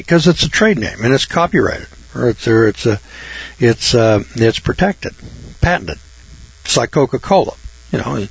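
A man's voice: mid-range voice, slightly rough, no room sound, muffled recording. A man hosting a radio talk show, ranting in a folksy, indignant way. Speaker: radio host.

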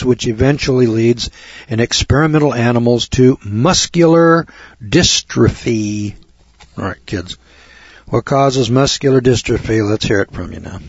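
A husky-voiced man lectures a room, reading passages aloud and then hammering his points home with preachy, mocking asides. The sound is dry and close, with no room around it. The recording is dull and lo-fi, its highs rolled off. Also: darkish tone, dry recording.

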